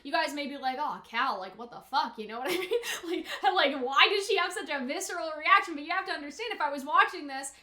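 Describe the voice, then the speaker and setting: A woman's voice: sits high, quick pace, few pauses, reverberant, a little hiss or hum. A young woman YouTuber reacting to an anime episode, shrieking and gasping at the screen, then rambling casually with lots of "like". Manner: loud gasping outbursts while watching, then chatty rambling with many "like"s. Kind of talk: casual reaction and rant to camera.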